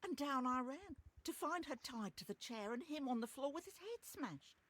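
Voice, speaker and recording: A woman's voice: high-pitched, lively intonation, normal speed, very noisy. An actress with an Australian accent playing a loyal, anxious house servant in a video game, giving her testimony earnestly.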